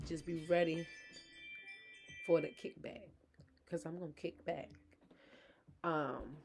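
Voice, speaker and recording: A woman's voice: low-pitched, vocal fry. A woman talking frankly to her viewers in a personal vlog, chatty and open about being a mother. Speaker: vlogger, mother of her kids. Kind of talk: candid personal vlog talk.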